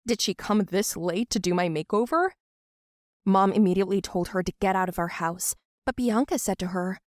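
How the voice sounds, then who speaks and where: A woman narrating a first-person animated story in an earnest, emotional way. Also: mid-range voice, normal speed, no room sound, studio quality.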